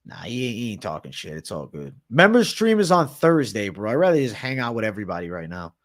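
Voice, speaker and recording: A man's voice: fairly low pitch, big pitch swings, fast. A man hosting a livestream, casually answering chat with slang and frequent swearing. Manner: profane, slangy, reads and answers chat comments.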